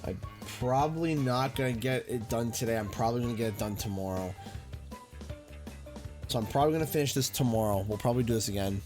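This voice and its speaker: A man's voice: mid-range voice, fast talker, faint music behind. A young adult man with a Canadian accent, chatty, giving live gameplay commentary and thanking viewers as a gaming streamer. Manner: chatty, thanks viewers, mutters about the game.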